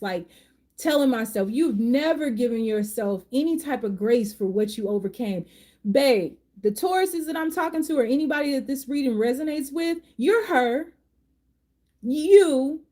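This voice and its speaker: A woman's voice: fairly high pitch, mellow. A woman giving a live tarot reading, emotional and emphatic, chatting with viewers. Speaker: tarot reader and life coach.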